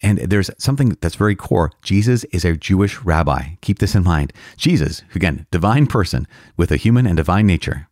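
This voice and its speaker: A man's voice: low-pitched, lively intonation, brisk, hardly any pauses, a little mellow, dry recording, studio quality. A male priest explaining a catechism passage in an earnest, conversational way, stressing key words and often repeating himself. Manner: earnest, emphatic, repeats himself, occasional laughs. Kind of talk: conversational teaching on a catechism reading.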